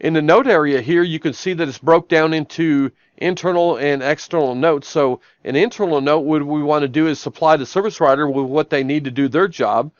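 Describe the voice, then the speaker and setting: Hardly pausing, a software trainer speaks fairly quickly in a slightly high voice as he demonstrates a shop tablet app on a live stream from his office. He repeats "I'm gonna" before each step-by-step action, and the recording is dry and lo-fi.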